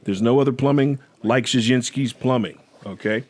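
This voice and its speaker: A man's voice: mid-range voice, normal speed, a little mellow. Playful middle-aged man hosting a podcast. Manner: playful, slips into put-on accents. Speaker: podcast host. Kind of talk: casual podcast chat.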